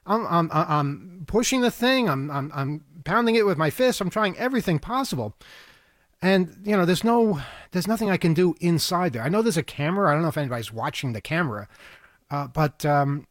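This New York State man sounds fairly high and animated, speaking a little quickly in a clean, echo-free studio recording. Co-hosting a radio talk show, he tells a meandering story as casual chat, often laughing and stumbling on repeated words.

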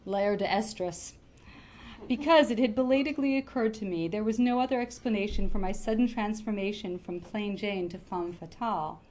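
A woman reading a comic novel aloud in a lively, expressive way. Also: mid-range voice, fairly quick, hardly any pauses, slight background noise. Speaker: reader.

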